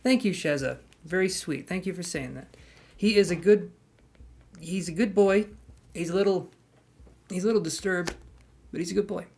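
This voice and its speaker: A man's voice: high voice, moderate pace, gravelly, darkish tone. A man hosting a live tarot stream in casual chat, greeting viewers by name, handing out queue numbers and cracking jokes.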